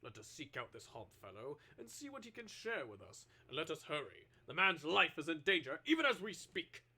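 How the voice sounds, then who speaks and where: A man doing a pompous gentleman inspector. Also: a little high, sing-song, a little fast, breathy edge, full character voice. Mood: grand. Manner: grand, formal, declamatory.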